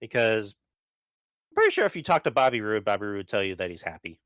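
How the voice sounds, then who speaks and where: Male podcast guest, low voice, casual hedging talk, dead-dry recording. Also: very animated, fast, a bit bright, no room sound. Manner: offhand, hedging, swears casually. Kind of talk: casual wrestling podcast chat.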